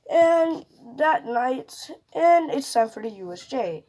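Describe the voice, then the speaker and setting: A young woman makes up a fan-fiction story as she goes. She rambles, fills gaps with "uh" and "um", and corrects herself mid-sentence. Her voice sits fairly high. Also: lively intonation, normal speed, darkish tone, a little hiss or hum. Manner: rambling, full of fillers and self-corrections. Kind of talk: improvised fan-fiction narration.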